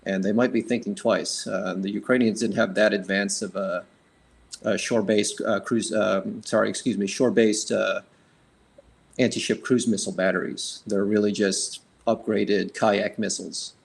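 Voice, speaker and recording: A man guest speaks in a halting way, stopping to correct himself mid-sentence. His voice is low and gravelly with a very flat pitch, and it carries little melody. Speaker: guest panelist. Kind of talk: casual panel discussion.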